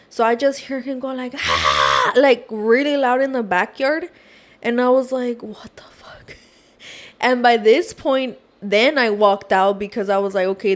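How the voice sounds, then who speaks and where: A woman guest on a podcast, retelling a story in an animated casual way, mixing in Spanish phrases. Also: fairly high pitch.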